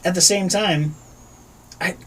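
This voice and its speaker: A man hosting a podcast in casual chat, animated and profane, dropping low then jumping loud and high. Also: slow. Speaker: podcast host.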